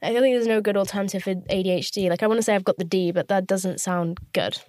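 A woman's voice: medium pitch, steady tone, fast talker, darkish tone, no room sound, clean studio sound. A woman in her twenties, hosting a podcast from her parked car, telling a candid, profane story in a chatty way. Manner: candid, chatty and profane, acting out quoted voices. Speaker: podcast host. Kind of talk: casual storytelling monologue.

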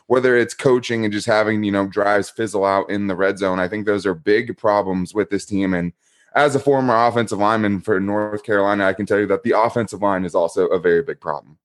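A man's voice: fairly low pitch, steady tone, brisk, close to an everyday voice. A man playing an analytical male football coach candidate who lists his points methodically. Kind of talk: comedic mock job interview.

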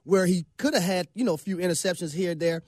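A man's voice: high voice, fast talker, darkish tone, no room sound. A man co-hosting a sports talk radio show in a studio, emphatic and preachy, with folksy sayings and repeated phrases.

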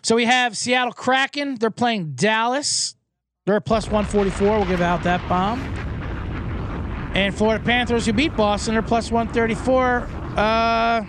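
A man hosting a sports betting podcast alone in a small booth, ranting in a rambling, excitable, profane way. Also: high-pitched, noisy background. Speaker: podcast host and sports bettor. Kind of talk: casual sports betting rant.

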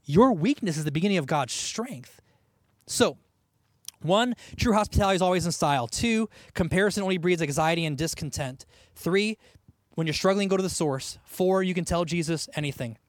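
A man preaching a sermon in a conversational, animated way, with asides and laughs. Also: high-pitched, moderate pace, dry recording, studio quality. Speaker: pastor.

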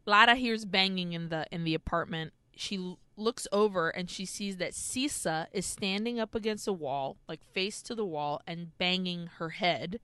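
Bright, crisp-voiced woman recapping a film. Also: on the low side, moderate pace, few pauses, no room sound. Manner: animated storytelling, acts out characters, frequent swearing. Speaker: podcast co-host. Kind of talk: casual film recap chat.

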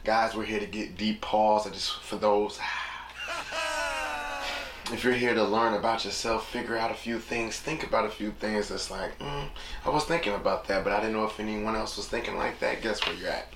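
A young man hosts his own podcast alone, drifting from thought to thought in a relaxed, reflective ramble and returning again and again to the same catchphrases. His voice sits low. The recording has an echoey room sound with steady noise behind him. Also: brisk. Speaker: podcast host. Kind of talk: casual solo podcast monologue.

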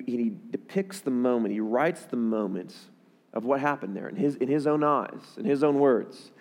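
A man preaching a sermon, often repeating words and rising in pitch and volume as he presses a point. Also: a little mellow, big-room sound. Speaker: pastor.

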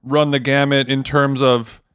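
A man's voice: medium pitch, level tone, measured pace, fairly bright tone, smooth, dry recording, clean studio sound. A man co-hosting a podcast, asking questions in an easygoing, joking way. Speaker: podcast co-host. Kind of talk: casual podcast chat.

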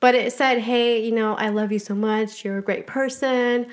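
A woman's voice: on the high side, steady tone, normal speed. A woman speaking as a guest on a podcast interview, talking in a blunt, frank way and swearing freely.

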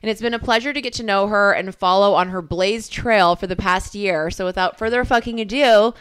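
A woman's voice: medium pitch, fairly quick, a bit bright, smooth. Brash, teasing woman podcast co-host. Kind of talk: casual chat.

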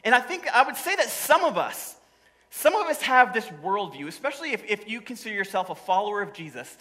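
A man's voice: high-pitched, big pitch swings, brisk, pushed and bright, low-quality recording. A man preaching a sermon to his congregation, telling stories in a humorous, conversational way. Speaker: pastor. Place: church service before a congregation.

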